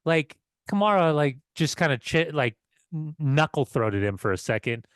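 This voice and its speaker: A man co-hosting a casual football podcast, telling excited, swearing stories with laughs. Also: fairly high pitch, normal speed, smooth, dry recording, studio quality. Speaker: podcast co-host.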